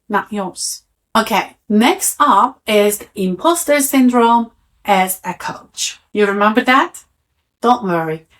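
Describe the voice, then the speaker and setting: Woman, thirties, coaching trainer, calm and reassuring, fairly high voice. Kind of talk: instructional talk to camera.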